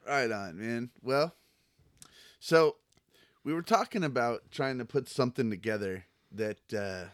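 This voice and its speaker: A man's voice: medium pitch, expressive, measured pace, dry recording, studio quality. A man co-hosting a podcast, laid-back and casual, swearing freely and laughing often. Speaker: podcast co-host.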